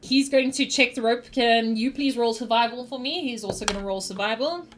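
A woman's voice: on the high side, brisk. A woman narrating as game master in a tabletop game, loose and giggly, rambling through descriptions.

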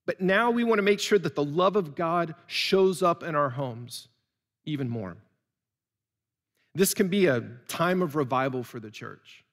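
A man's voice: high voice, animated, slow, a bit bright. A male pastor preaching an earnest sermon to people watching at home, telling stories and building to fervent appeals. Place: church building. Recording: long reverb of a large church.

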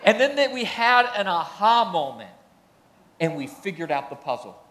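A man's voice: high voice, big pitch swings, normal speed, a bit bright, a little hiss or hum. A man preaching a sermon in a conversational way, building emphasis on his key points and reading passages aloud. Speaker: pastor.

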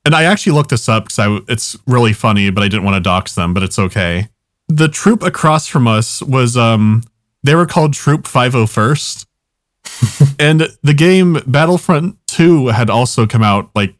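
A young man in casual chat, spinning a rambling anecdote full of fillers and swearing. His voice sits at an ordinary middle pitch. It is recorded close and dry, with no room sound. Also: expressive, normal speed, no echo. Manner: rambling, swears often, laughs at his own stories.

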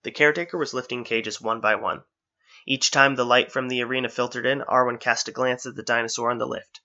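A man narrating an adventure story in a steady, engaged reading style, on a dull lo-fi recording. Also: medium pitch, a little fast.

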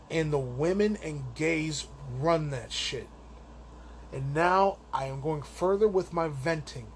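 A man's voice: a little high, slight background noise. A man hosting a solo podcast, venting in a crude, rambling, profane rant, an amateur stand-up comic. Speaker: podcast host.

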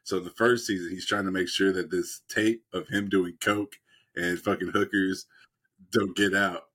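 A husky, lower-voiced man tells a show's plot in loose, rambling bursts. He swears freely and keeps breaking into laughter as he goes. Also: steady tone, moderate pace, a bit bright. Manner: rambling, profane, laughing retelling. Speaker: podcast co-host. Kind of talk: casual chat, retelling a TV show.

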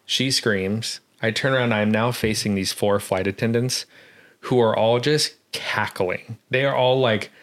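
Young guy rambling thru a story, swears a lot, laughs, lowish voice. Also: steady tone, unhurried, a bit bright. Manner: rambling, profane, laughs often. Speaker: podcast co-host. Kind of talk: casual storytelling chat.

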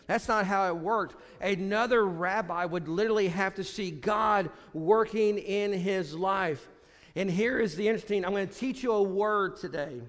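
A man preaching a sermon as pastor, often dropping low and quiet to stress a point. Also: long reverb tail.

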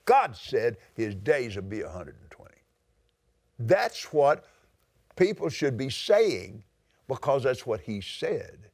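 A man's voice: mid-range voice, vocal fry, no room sound, clean studio sound. An older man with a Southern US accent, preaching a sermon and reading scripture aloud with dramatic swings in his voice.

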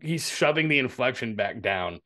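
A man co-hosting a podcast in casual chat, telling stories in a loose, profane, animated way. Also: mid-range voice, moderate pace. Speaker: podcast co-host.

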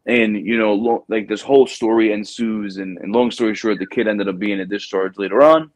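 A man hosting a casual chat, telling a recruiting story with lively acted-out quotes and plenty of "bro". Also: lowish voice, fairly quick, no echo. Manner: animated storyteller, acts out quotes, says "bro". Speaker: podcast host, Marine recruiting staff sergeant.

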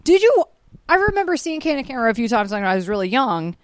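A woman's voice: on the high side, sing-song, quick pace. A woman hosting a comedy podcast, chatting casually, laughing often and acting out quotes. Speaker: podcast host.

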